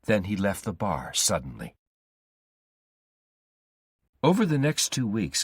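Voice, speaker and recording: A man reading a simplified story aloud slowly and deliberately for English learners. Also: fairly low pitch, no room sound, clean studio sound. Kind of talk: graded reader narration for English learners.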